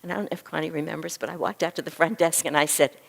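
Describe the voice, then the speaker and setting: A woman's voice: sits low, rapid-fire, vocal fry. A middle-aged woman, a physician and spiritual teacher, telling a story to a class and acting out the dialogue. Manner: animated storyteller who acts out dialogue.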